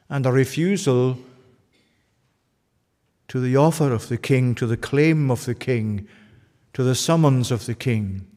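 A man's voice: medium pitch, darkish tone, in a large hall. A male pastor preaching a sermon with earnest, urgent, pleading appeals to his listeners.

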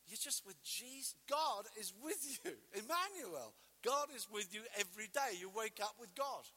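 A man preaching with fervor, his voice set high and very bright, with a sharp edge. He moves between loud declarations and hushed, intimate asides, acting out quotes as he goes. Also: big pitch swings, moderate pace, in a large hall, slight background noise. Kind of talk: sermon.

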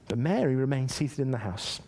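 A man's voice: medium pitch, brisk. A man preaching a sermon, reading scripture aloud and acting out quotes with rising emphasis. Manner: animated, emphatic preaching with dramatic voiced quotes. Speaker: pastor.

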